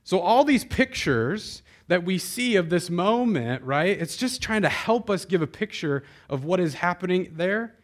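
A pastor preaching to a congregation in a casual, chatty way. His voice sits a little high for a man, and he keeps turning to the listeners with questions. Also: animated, a little slow, few pauses. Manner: conversational, addresses the congregation directly. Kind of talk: sermon. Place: church before a live congregation.

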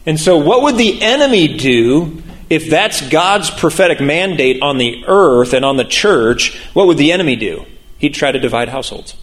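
A middle-aged pastor giving a sermon in an animated, conversational way, laughing often. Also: male voice, mid-range voice.

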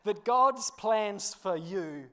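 A man preaching, telling a funny personal story with laughter before turning to a quieter sermon. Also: high-pitched, drawn-out words, clean tone. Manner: animated storyteller, laughs through the tale, drops quiet for scripture. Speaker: pastor.

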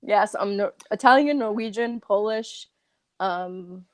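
In a casual interview, a guest from Long Island, New York, chats earnestly and talkatively, laughing quickly now and then. She uses a wheelchair, and her medium-pitched, darkish voice comes through a dry recording.

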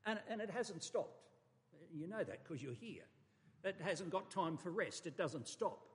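High-voiced man preaching in a hall. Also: animated, measured pace. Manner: emphatic, varies volume for effect, occasional stumbles. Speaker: pastor. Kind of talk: sermon. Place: church. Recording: long reverb of a church hall.

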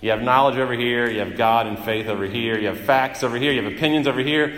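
A man's voice: mid-range voice, fast talker, fairly bright tone, a little hiss or hum. A male pastor giving a sermon in an earnest, emphatic way, often repeating phrases. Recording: echoey hall with long reverb.

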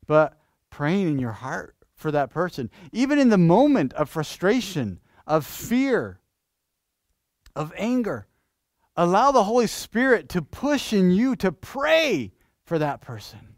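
A pastor preaching in church, lively and questioning, restarting phrases and asking the congregation things. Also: male voice, high-pitched, slow pace, no room sound, clean studio sound. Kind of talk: sermon.

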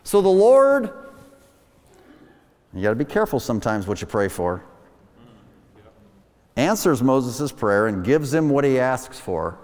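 A man's voice: mid-range voice, very animated, unhurried, long pauses, a little mellow, long reverb tail. A man preaching a sermon in a conversational style, asking rhetorical questions and quoting scripture.

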